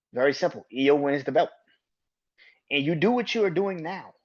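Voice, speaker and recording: A man's voice: fairly high pitch, expressive, quick pace, dull audio. A man hosting a solo wrestling podcast, ranting with heavy swearing and exasperated rhetorical questions. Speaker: podcast host.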